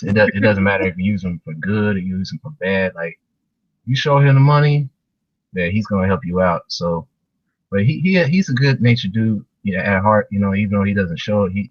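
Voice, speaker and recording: A man's voice: low-pitched, husky, no room sound, lo-fi sound. A man who is a guest on a casual podcast, talking about an anime in a laid-back way, sprinkling his talk with "you know" and "man".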